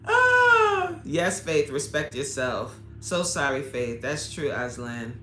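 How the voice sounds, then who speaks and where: Woman, livestream host, emphatic and candid, bright sharp voice, echoey room with faint background hum. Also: sits low, big pitch swings, slow, hardly any pauses. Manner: emphatic and candid, with frequent laughs. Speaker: fitness coach hosting a livestream. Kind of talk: casual live chat, answering viewer comments.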